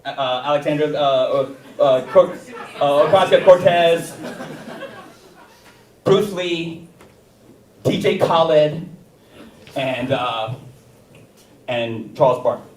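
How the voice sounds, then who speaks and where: A man's voice: on the high side, slow, long pauses. A male stand-up comedian ad-libbing on stage, rambling and stumbling over his words. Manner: rambling, self-interrupting ad-libbing. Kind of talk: stand-up set. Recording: roomy theater sound, distant mic.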